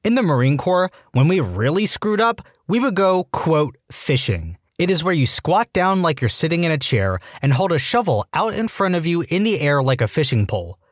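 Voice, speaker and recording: A man reading online stories aloud as scripted narration, lively and now and then voicing the people in them. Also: a little high, normal speed, hardly any pauses, dry recording, clean studio sound. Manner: lively reading with voiced character quotes. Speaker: story narrator.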